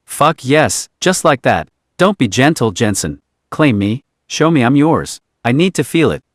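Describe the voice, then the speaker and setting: A man's voice: medium pitch, big pitch swings, measured pace, no echo, clean studio sound. A man voicing an earnest, emotional young lover. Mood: passionate. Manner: emotional, earnest, swears often.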